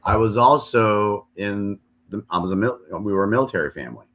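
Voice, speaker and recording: A man with a very low voice hosts a live talk stream. He speaks deliberately and circles back to restate his points. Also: expressive, a bit bright. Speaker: host.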